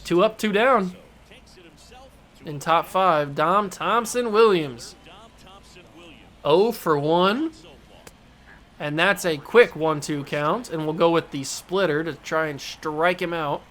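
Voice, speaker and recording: A man hosting a gaming channel, giving excitable play-by-play commentary on his own baseball video game, talking to himself and to the game as he plays. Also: on the high side, takes it slowly, pauses often.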